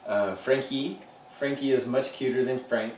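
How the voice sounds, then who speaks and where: A man's voice: mid-range voice, steady tone, measured pace, a little mellow. Middle-aged guy joking around on a podcast, bit far from the mic, echoey room, faint hiss. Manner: joking, rambling, laughs often. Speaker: podcast co-host. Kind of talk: casual chat. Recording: roomy, off-mic, faint noise.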